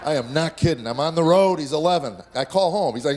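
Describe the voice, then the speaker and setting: A man's voice: fairly high pitch, fast. A middle-aged man doing a stand-up comedy routine, telling stories and acting out voices. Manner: storytelling, animated, acting out voices. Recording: live club audio with audience noise.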